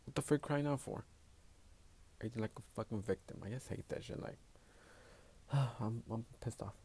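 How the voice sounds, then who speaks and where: This man's voice is mid-pitched and a bit rough, with a darkish tone and a moderate pace. Hosting his own podcast alone, he rambles casually, bluntly, and profanely, mixing Spanish into his English.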